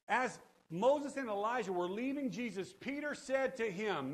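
Middle-aged male pastor, high voice, lively call-and-response preacher. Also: unhurried, few pauses. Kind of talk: sermon.

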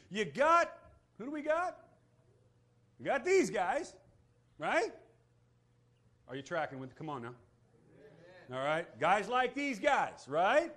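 Animated preaching man, hushed to shouting. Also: on the high side, moderate pace, pauses often. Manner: calls for amen from congregation. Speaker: pastor. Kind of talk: sermon. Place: church sanctuary.

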